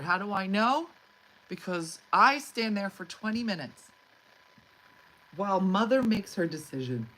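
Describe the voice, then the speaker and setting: A middle-aged woman, a comedian, telling an exasperated, animated story to her livestream audience and acting out the quotes. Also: medium pitch, low-quality recording. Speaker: comedian host. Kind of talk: storytelling monologue.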